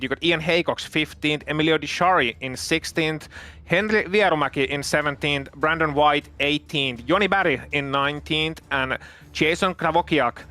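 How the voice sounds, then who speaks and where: A man's voice: a little high, pushed and bright. A man co-commentating a sim racing broadcast in a chatty, playful way, listing drivers and positions.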